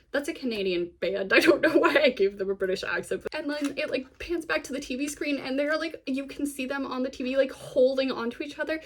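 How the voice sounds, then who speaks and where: A woman's voice: high-pitched, fairly quick, hardly any pauses. A woman vlogger giving a casual, gossipy recap of a TV series, full of fillers and wry asides.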